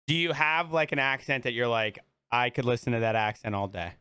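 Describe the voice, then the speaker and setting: A man's voice: mid-range voice, fairly even intonation, a little fast, bright, forceful tone, clear, resonant tone, no echo. A man co-hosting a casual podcast chat, talking chattily and repeating himself.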